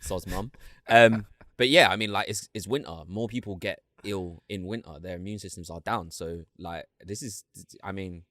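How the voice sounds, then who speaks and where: Brief: young man, low voice, jokey slang-heavy podcast co-host, dry close sound. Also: normal speed, pushed and bright, no room sound. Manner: joking, lots of slang and restarts. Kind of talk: casual chat. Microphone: video call.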